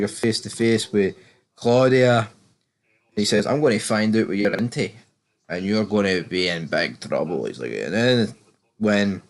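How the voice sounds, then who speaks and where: A young British man giving a casual, opinionated recap of a TV episode, swearing freely and jumping up in pitch when he exclaims. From Britain. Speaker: TV show reviewer. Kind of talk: casual spoken recap and commentary.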